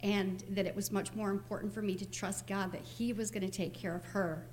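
A woman's voice: medium pitch, level tone, a little fast, a little mellow, a little hiss or hum. A middle-aged woman giving a nervous, earnest testimony in front of her church congregation. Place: church sanctuary.

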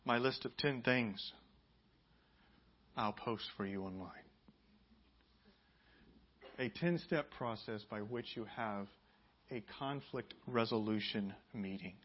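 A man preaching a sermon as pastor, building to loud, emphatic passages and dropping to quiet prayer. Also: measured pace, breathy edge, dull audio. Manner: emphatic preaching, rising loud and high on key points.

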